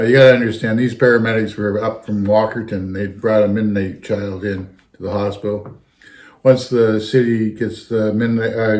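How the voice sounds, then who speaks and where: A man's voice: fairly low pitch, darkish tone. A man, a retired fire captain telling a rambling anecdote in casual chat. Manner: rambling, anecdotal, keeps circling back with "anyhow". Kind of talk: casual storytelling.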